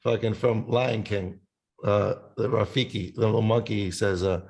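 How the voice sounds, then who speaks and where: Rambling, cursing male musician with gravelly voice. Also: fairly low pitch, fairly even intonation, normal speed, a little mellow. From Italian family background. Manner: rambling, swears a lot, sings snippets. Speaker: podcast guest musician. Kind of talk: casual chat.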